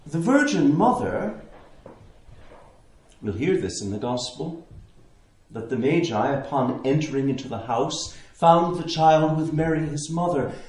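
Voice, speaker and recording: Man, priest, meditative sermon, lively intonation, heavy church echo. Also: on the high side. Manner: slow, contemplative, with long pauses. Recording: echoey church interior.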